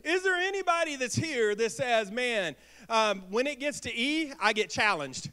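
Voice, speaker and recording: A man preaching a sermon in a church, energetic, asking the congregation questions and acting out little quips. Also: very high voice, unhurried, creaky, clear, resonant tone. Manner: energetic, asks the crowd questions and acts out quips. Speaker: pastor. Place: church sanctuary.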